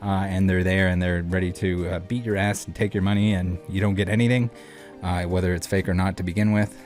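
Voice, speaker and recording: Low-voiced rambling male host. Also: fairly even intonation, fairly quick, a little mellow, soft background music. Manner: rambling, filler-heavy, blunt. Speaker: channel host. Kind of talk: casual commentary video.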